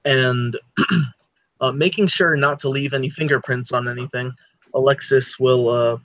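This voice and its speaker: A man's voice: mid-range voice, steady tone, unhurried, a bit bright, no room sound. A man playing a tabletop role-playing game, describing his character's actions in a rambling way full of "like" and "you know". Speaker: player. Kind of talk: tabletop role-play chat. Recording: slightly dull, dry mic.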